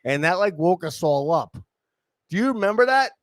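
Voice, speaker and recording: A man's voice: sits high, normal speed, dry recording. A man hosting a casual chat, telling crude stories with lots of swearing. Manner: profane, animated storytelling. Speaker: podcast host.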